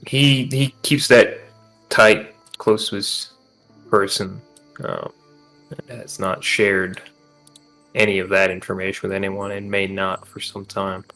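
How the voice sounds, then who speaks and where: A man in casual game talk, explaining things in a halting way. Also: low voice, little pitch movement, bright, forceful tone, soft background music.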